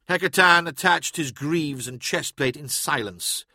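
A man reading an audiobook in steady, even scripted narration. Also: fairly high pitch, measured pace, few pauses, no room sound, studio quality.

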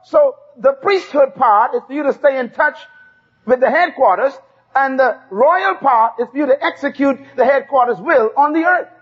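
A man with a very high voice preaches at normal speed in an emphatic call-and-response style, repeating key phrases for the congregation to return. The sermon tape is dull and lo-fi.

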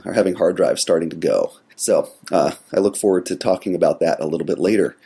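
A man hosting a solo tech podcast with a cold, his voice gravelly, talking in a relaxed, rambling way with many fillers. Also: deep voice. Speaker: podcast host. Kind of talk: casual solo podcast monologue.

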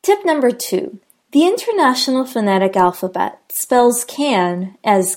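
Slow, careful American woman teacher. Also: on the high side, animated, darkish tone. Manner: slow, careful enunciation of example sentences. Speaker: pronunciation teacher. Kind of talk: scripted pronunciation lesson.

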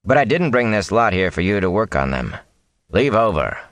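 Gruff blunt woodsman, voiced by a man, storybook, low voice, impatient. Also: sing-song, moderate pace, fairly bright tone, dry recording.

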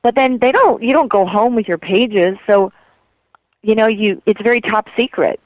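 A woman's voice: mid-range voice, moderate pace, no room sound. A middle-aged woman from Colorado, a voice actress talking casually in an interview, thinking aloud and restarting her phrases. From Colorado, USA. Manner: thoughtful, trails off and restarts. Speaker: voice actress guest. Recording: dull lo-fi sound.

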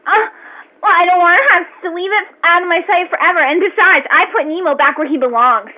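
A whiny little girl sobs and pleads in a tiny, very high voice. The sound comes through a thin, tinny phone line. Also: a little fast. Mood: tearful whining. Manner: sobbing, pleading, childish. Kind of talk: prank phone call.

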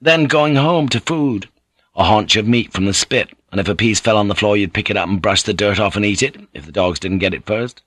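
Man reading a novel aloud, measured. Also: fairly low pitch, fairly bright tone, dry recording. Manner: measured, rhythmic, dramatic reading. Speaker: audiobook narrator. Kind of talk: scripted narration.

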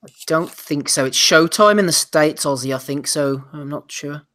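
A man hosting a podcast, briskly running through upcoming fight cards in casual chat. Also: a little high, fairly bright tone. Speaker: podcast host.

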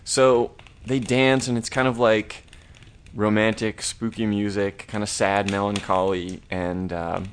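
A man's voice: on the low side, little pitch movement, a little slow, slight background noise. A man co-hosting a horror review podcast, recapping an episode in a rambling, laid-back way with the odd curse. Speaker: podcast co-host. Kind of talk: casual plot recap.

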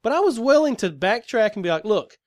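A man's voice: very high voice, very animated, fast, dry recording, clean studio sound. A man telling a workplace story in casual conversation, swearing freely and acting out both sides of the argument.

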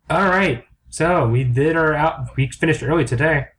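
A man's voice: a little high, takes it slowly, fairly bright tone. A man co-hosting a comedy podcast in casual chat, rambling, crude and self-mocking. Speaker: podcast co-host.

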